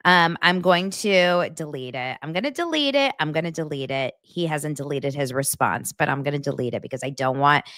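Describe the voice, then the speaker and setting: Chatty, lively pop-culture vlogger woman. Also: low voice, no room sound, studio quality. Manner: gossipy, animated, repeats herself. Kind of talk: casual chatty vlog monologue.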